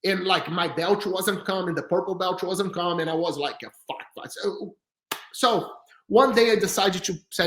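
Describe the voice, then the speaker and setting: A man telling stories as a podcast guest in an animated, chatty way, with slightly non-native grammar. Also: high voice, normal speed. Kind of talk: storytelling in casual chat. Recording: roomy echo.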